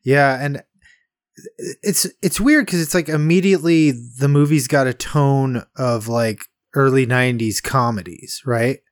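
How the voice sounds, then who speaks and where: A man's voice: medium pitch, a little slow, dry recording, studio quality. A man co-hosting a casual movie review chat, rambling and laughing often as he acts out lines from the film. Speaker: podcast co-host.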